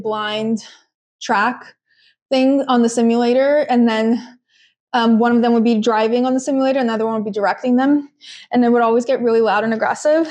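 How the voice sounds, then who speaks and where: A woman hosting a podcast, chatting casually and retelling funny moments with quick quoted voices. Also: fairly high pitch. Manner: animated storytelling with quick quoted voices and laughs. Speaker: podcast host. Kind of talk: casual recap chat. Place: home kitchen.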